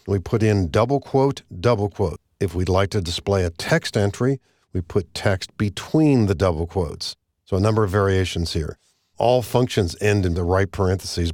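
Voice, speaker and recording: A man narrating a screen-recorded software tutorial, explaining each step in a measured, methodical way. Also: lowish voice, dry recording, clean studio sound. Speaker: software instructor.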